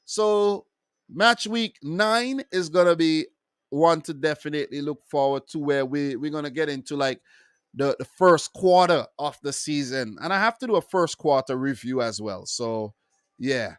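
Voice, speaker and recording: A man hosts his own football review channel in a loose, chatty way, wandering into asides and shouting out his viewers. His voice sits a little high and comes through smooth and resonant. The sound is close and dry. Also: lively intonation, moderate pace, dry recording. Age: adult with wife and three kids. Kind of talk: casual solo football review.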